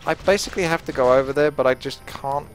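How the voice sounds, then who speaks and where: A man's voice: medium pitch, quick pace, faint music behind. A man hosting his own gaming channel, giving chatty, self-mocking play-by-play commentary. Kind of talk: live gameplay commentary.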